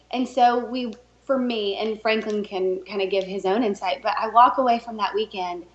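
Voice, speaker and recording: A woman co-hosting a talk show, telling a story in a casual, animated way and laughing often. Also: on the high side. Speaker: podcast co-host and race director. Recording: echoey room, dull lo-fi sound.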